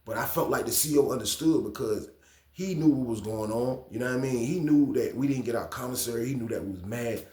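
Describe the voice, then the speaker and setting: Casual male storyteller, slangy and repetitive, mid pitch, talks straight to viewers in a roomy echoey space. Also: a little fast, darkish tone. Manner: casual slang, repeats phrases, addresses viewers. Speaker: storytime channel host. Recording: echoey room.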